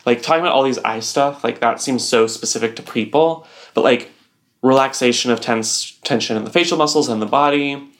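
A woman's voice: very deep voice, brisk. A young woman co-hosting a casual podcast, explaining things at length with lots of "like" and "um". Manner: rambling explainer, heavy use of "like" and "um". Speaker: podcast co-host.

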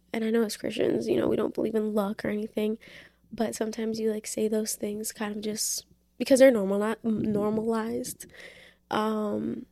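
A woman's voice: on the high side, creaky, darkish tone, no echo, studio quality. A young woman hosting a casual Christian podcast, talking earnestly with lots of fillers. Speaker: podcast host. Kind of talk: casual faith talk.

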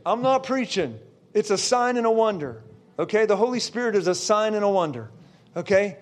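Excitable male preacher, high voice, storytelling sermon that climbs to shouting. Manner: checks in with listeners often.

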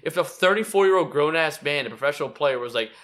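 Guy with a bright voice doing mocking bits in sports talk. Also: fairly high pitch, lively intonation, quick pace. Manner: mocking impressions, swearing. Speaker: podcast co-host. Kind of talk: casual sports chat.

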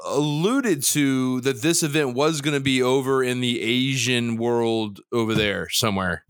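A man's voice: medium pitch, measured pace, smooth, dry recording, studio quality. A man co-hosting a casual sports betting podcast, loose and profane, teasing his partner and jumping between topics. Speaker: podcast co-host.

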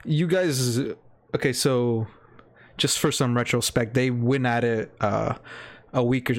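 A man's voice: medium pitch, flat delivery, measured pace. A young man co-hosting a casual podcast, teasing his friend and explaining the show's plans plainly. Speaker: podcast co-host.

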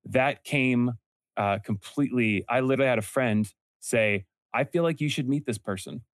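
A man's voice: mid-range voice, no echo, studio quality. A young man telling stories earnestly in a casual interview, often correcting himself mid-sentence. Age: young adult. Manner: earnest storytelling, quick self-corrections. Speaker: podcast host and entrepreneur guest.

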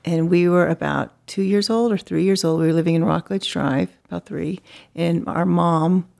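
Gravelly-voiced woman telling a story. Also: on the low side, normal speed, a little mellow. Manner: chatty, lots of "you know" fillers, acts out quoted voices. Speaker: artist guest. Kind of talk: casual interview storytelling.

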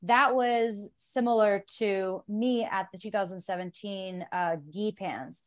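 A woman's voice: mid-range voice, fairly even intonation, unhurried. A woman from the United States, a jiu-jitsu athlete on a podcast, talking earnestly in long, run-on thoughts. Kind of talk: casual conversation.

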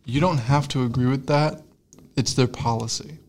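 A man's voice: mid-range voice, fairly even intonation, moderate pace, darkish tone. A young man co-hosting a casual comedy chat, giggly and rambling, often trailing off into mumbles. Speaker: podcast co-host.

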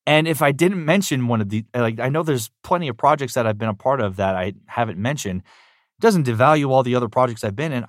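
A male voice actor telling stories in a casual interview. He is excitable and gushing, swears freely and repeats words as he starts sentences. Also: mid-range voice, dry recording, studio quality.

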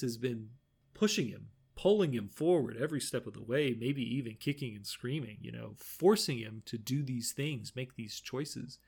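Co-hosting a podcast, a man casually recaps a show episode, laughing often and quoting the characters' lines as he retells scenes. His medium-pitched voice is gravelly and husky, and his manner laid-back.

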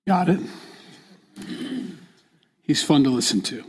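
A man preaching a sermon after a played clip, speaking quietly and plainly. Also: a little high, animated, slow, a little hiss or hum. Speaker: pastor.

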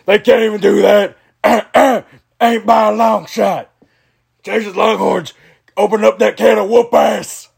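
Brief: man playing a brawling tough-guy wrestler, high raspy gravel, shouting bluster. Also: flat delivery, a little slow, full character voice. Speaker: podcast co-host. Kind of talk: over-the-top wrestling promo rant.

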